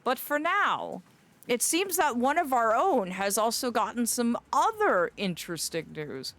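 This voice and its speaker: A woman's voice: fairly high pitch, sing-song, unhurried, a bit bright. A young woman streaming live in a fae persona, theatrical and fond, calling her viewers "my dear". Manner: theatrical, greets chatters fondly as "my dear".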